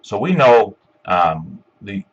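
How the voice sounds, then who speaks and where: Low husky man walking through a tutorial. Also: sing-song, takes it slowly, lo-fi sound. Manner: step-by-step, filler-heavy with frequent ums and uhs. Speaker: instructor. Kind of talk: screencast software tutorial.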